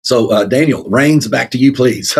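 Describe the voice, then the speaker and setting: Gravelly-voiced man rambling about scripture. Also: mid-range voice, slow pace, darkish tone. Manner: rambling, many fillers, laughs often. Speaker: co-host of a Bible talk show. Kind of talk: casual Bible discussion.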